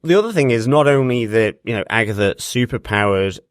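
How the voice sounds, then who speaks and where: A man co-hosting a casual podcast, speaking in a measured way with fillers. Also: mid-range voice, expressive, dry recording, studio quality. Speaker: podcast co-host.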